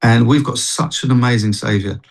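A man's voice: mid-range voice, fairly quick, creaky, low-quality recording. Man guest, street worship singer; earnest, rambling storyteller, mid-range voice. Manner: earnest, rambling, many restarts. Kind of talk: telling a personal story in a TV interview.

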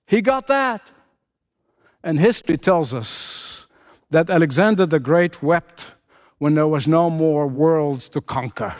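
A man's voice: on the high side, lively intonation, slow, darkish tone. A man preaching a sermon with an impassioned, repetitive cadence, hammering his points again and again.

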